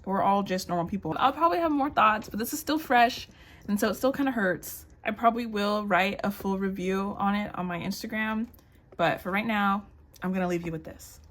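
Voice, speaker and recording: A woman talking casually in a reading vlog, chatty and expressive, with plenty of fillers and restarts. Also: medium pitch, fairly quick. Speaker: book vlogger.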